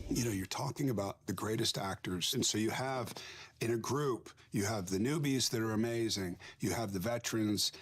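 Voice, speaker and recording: A man's voice: lowish voice, moderate pace, background noise. A male film actor being interviewed, telling reflective and wry stories about his work. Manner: thoughtful, wry anecdotes with laughs.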